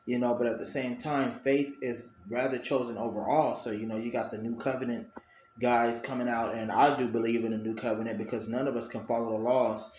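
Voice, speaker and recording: A man's voice: mid-range voice, little pitch movement, brisk, a little mellow. A man giving an earnest, rambling casual talk about faith, with many fillers. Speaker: religious video host. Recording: roomy echo, faint noise.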